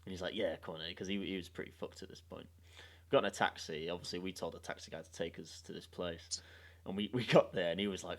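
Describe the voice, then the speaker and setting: A young man hosting a podcast, telling a story in a sweary, animated way and laughing along. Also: deep voice, fairly quick. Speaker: podcast host. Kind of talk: casual storytelling chat.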